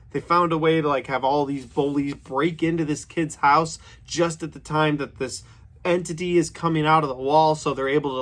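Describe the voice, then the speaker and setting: A man's voice: fairly high pitch, fairly bright tone. A man in his thirties giving a casual, opinionated horror movie review, chatty and full of "like". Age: 30s.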